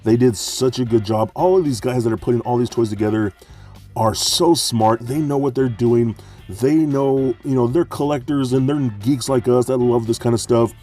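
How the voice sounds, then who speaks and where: An excited man reviews collectible toys, gushing and tripping over his own words as he restarts sentences. His voice has a warm, mellow tone at a middle pitch. Faint music plays underneath. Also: normal speed. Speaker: toy reviewer. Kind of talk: enthusiastic toy review.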